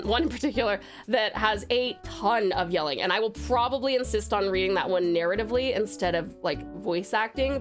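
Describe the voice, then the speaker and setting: A woman's voice: mid-range voice, fairly bright tone. A woman streamer greeting her chat one by one in an affectionate, doting, bubbly way, with faint music behind. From Australia. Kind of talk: casual live-stream chat.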